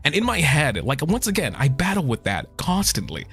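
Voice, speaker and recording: A man's voice: a little high, huge pitch swings, fairly quick, fairly bright tone. A man streaming a casual chat with his viewers, emotional and swearing often, choked up and holding back tears. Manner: emotional, swears a lot, trails off and restarts. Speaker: VTuber streamer.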